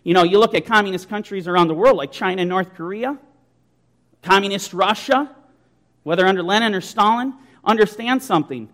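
A man preaching a sermon, forceful and emphatic, throwing rhetorical questions at his listeners. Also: high-pitched, a little fast.

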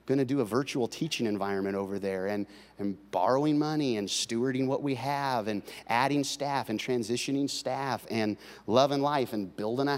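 A male pastor preaching a sermon, swinging between loud, driving passages and quiet, confiding talk with his congregation. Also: mid-range voice. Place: large church hall. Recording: long hall reverb.

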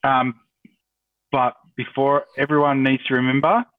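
A man's voice: medium pitch, level tone, measured pace, dry recording. A man co-hosting a podcast, talking in an offbeat, joking way over a remote call. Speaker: podcast co-host. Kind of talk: casual podcast chat. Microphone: remote video call. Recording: tinny distant call audio.

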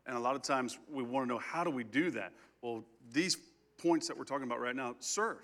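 A man's voice: medium pitch, brisk, fairly bright tone. A man co-pastoring a sermon, speaking directly to the congregation with questions. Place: church sanctuary.

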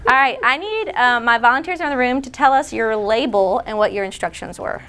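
Woman running a lively workshop indoors, directing volunteers, slightly high voice. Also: smooth. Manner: chatty, directs volunteers, quick asides. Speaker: workshop speaker. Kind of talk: interactive workshop session. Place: indoor room.

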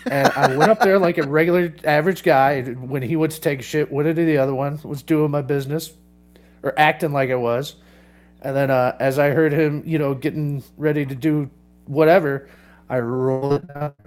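Man, podcast co-host, crude joker, a bit high-pitched. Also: steady tone, brisk. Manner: crude, laughing prankster storyteller. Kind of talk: casual podcast chat.

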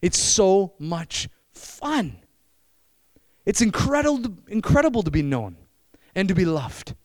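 High-voiced young man preaching a sermon. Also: slow pace, no room sound. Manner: animated, addresses the congregation with questions.

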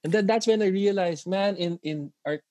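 A man's voice: sits high, darkish tone, no room sound. Man talking in a dry close sound. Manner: halting, many restarts, laughs at himself. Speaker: podcast co-host; father of daughters. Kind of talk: casual chat.

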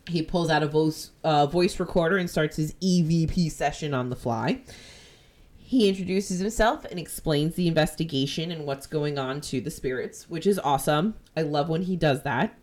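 A woman's voice: deep voice, normal speed, darkish tone. A woman co-hosting a podcast, chatting enthusiastically as she recounts a story. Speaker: podcast co-host. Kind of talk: casual podcast chat.

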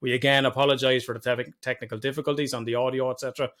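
Guy on a podcast, bright voice, swears a lot, teasing and laughing. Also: medium pitch, flat delivery, rapid-fire. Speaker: podcast co-host. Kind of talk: casual podcast chat.

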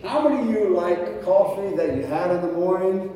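A man's voice: high voice, expressive, moderate pace, warm tone. A middle-aged man preaching a sermon as pastor, speaking conversationally and asking the congregation questions. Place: church sanctuary. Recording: echoey hall from far off.

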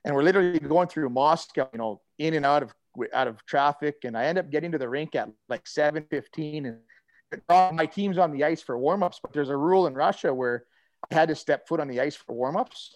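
A man's voice: fairly high pitch, fairly quick, no echo. A middle-aged man, a former hockey player telling a long story in a casual chat, full of fillers and restarts. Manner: rambling, animated storyteller with many fillers and restarts.

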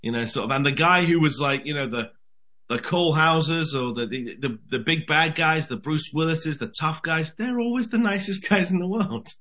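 Lively British actor with a bright voice. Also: male voice, a little high, moderate pace. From Britain. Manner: animated storyteller, says "mate". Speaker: actor guest. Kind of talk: casual interview chat.

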